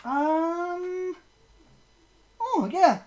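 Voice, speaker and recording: A woman's voice: extremely high pitch, extremely slow, darkish tone, a little hiss or hum. A woman, co-hosting a podcast in loose, casual chat full of fillers. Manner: rambling, lots of fillers and trailing laughs. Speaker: podcast co-host. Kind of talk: casual chat about horror films.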